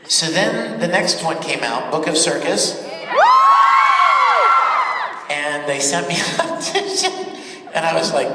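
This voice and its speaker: A man's voice: a little high, moderate pace. A man speaking as a voice-actor guest at a convention panel, telling stories in a chatty, laughing manner. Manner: animated, laughing, chatty storyteller. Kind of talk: convention Q&A storytelling. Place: large convention panel hall. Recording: echoey hall from far off. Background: crowd and room noise.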